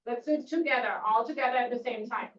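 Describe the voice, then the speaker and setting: A woman's voice: a little high, fast talker, fairly bright tone, echoey room. A woman teaching a beginner language class, patiently repeating words and using lots of fillers. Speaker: German teacher. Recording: distant mic, dull lo-fi classroom recording.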